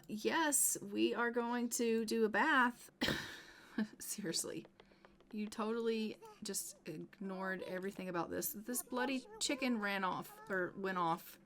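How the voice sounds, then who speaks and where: A young woman talking her way through a life-sim game at an ordinary middle pitch, chatty and teasing. She nags the characters she controls in mock exasperation and slips into hushed asides now and then. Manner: chatty, playfully scolding her game characters, sometimes dropping to a whisper. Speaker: gameplay video host. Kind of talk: casual let's-play commentary.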